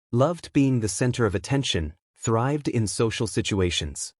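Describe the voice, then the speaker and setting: A man telling a first-person story in a measured, reflective voice, steady from line to line. His pitch sits in a middling range, and the sound is dry and close. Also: dry recording.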